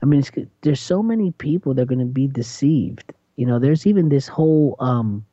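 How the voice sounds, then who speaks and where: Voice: mid-range voice, animated, moderate pace, warm tone, no echo, highs cut off. A radio host in a casual, chatty monologue who tells stories and acts out quotes in a raised voice.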